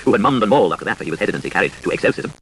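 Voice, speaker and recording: A man reading dense literary prose aloud in a rapid, sing-song delivery. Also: fairly low pitch, big pitch swings, a bit bright, slight background noise, poor audio. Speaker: reader.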